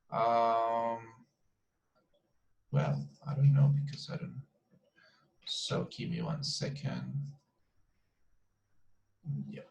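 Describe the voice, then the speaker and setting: A man's voice: mid-range voice, very animated, drawn-out words, gravelly, pauses often, poor audio. A man teaching an online English class over a video call, talking casually and often repeating words as he hesitates.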